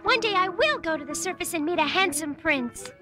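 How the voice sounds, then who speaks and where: An actress voicing an eager, dreamy young mermaid princess in a cartoon. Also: female voice, very high voice, lively intonation, fairly quick. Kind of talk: cartoon voice acting. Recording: distant film audio with music.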